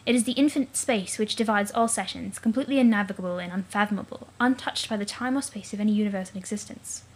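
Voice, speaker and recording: A woman's voice: mid-range voice, quick pace, husky, voice pushed down, natural voice. A woman voicing a bubbly teenage alien sea princess who teases with fish puns. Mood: chirpy. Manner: fish puns, cheery, teasing.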